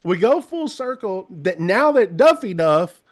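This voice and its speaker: Animated, rambling male guest. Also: sits high, measured pace. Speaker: interview guest, trucking commentator. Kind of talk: conversational interview.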